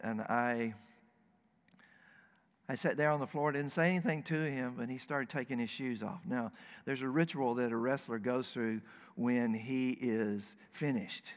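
A man's voice: mid-range voice, clean tone, long reverb tail. A man from the States, preaching a sermon in a folksy, earnest storytelling way. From Southern United States. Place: church sanctuary.

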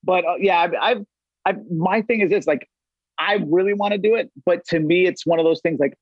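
Man, middle-aged, from Los Angeles, casual guest chat, rambling with restarts, somewhat high voice, muffled dry recording. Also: brisk, dry recording. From Los Angeles area. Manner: rambling, many restarts and swearing. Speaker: podcast guest.

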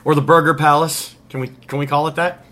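A man hosting a casual podcast chat laughs often, rambles, interrupts himself and restarts, sometimes talking while eating. His voice is on the high side, level in tone, fast, pushed and bright.

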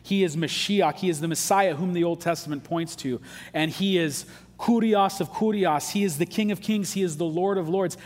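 A man's voice: high-pitched, normal speed. A pastor preaching a sermon in a casual, emphatic way, dropping slang asides as he explains scripture. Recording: long hall reverb.

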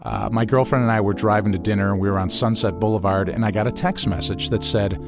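A man from Ohio telling a personal story in a casual, animated way, jumping his voice up when he acts out what people said. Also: on the low side, quick pace, over music. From Ohio, USA. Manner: animated, acts out quoted lines with a raised voice.

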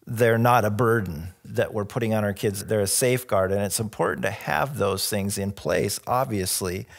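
Low-voiced man telling jokes in a sermon. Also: normal speed, gravelly. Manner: relaxed storytelling with jokes and soft laughs. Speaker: pastor. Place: church.

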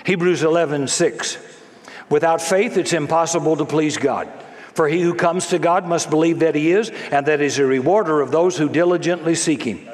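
A man preaching in a voice pitched a little high, acting out the people he quotes with drama. His words ring through a hall with a long reverb. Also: moderate pace. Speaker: pastor. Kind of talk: sermon.

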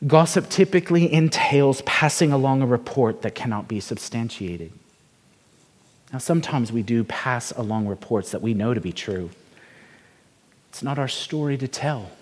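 In a reverberant hall, a man delivers a sermon woven with stories, preaching conversationally and posing rhetorical questions. His voice is medium in pitch and moves at a normal speed.

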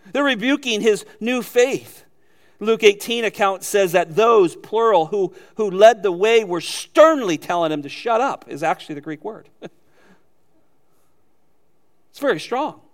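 A man's voice: high voice, expressive, unhurried, pauses often. A man preaching a sermon with fervent emphasis, often repeating his phrases for force. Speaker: pastor.

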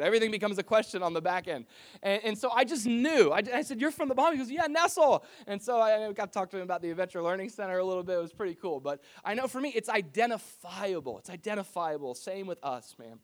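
Conversational pastor preaching to his church. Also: high-pitched. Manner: conversational preaching with personal stories. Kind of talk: sermon.

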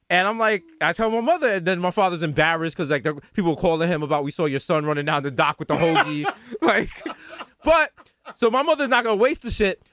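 A man's voice: high-pitched, a bit bright, no room sound, clean studio sound. A man with a New York accent from the Bronx, telling a rambling funny story in casual chat, full of slang and swearing. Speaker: podcast co-host.

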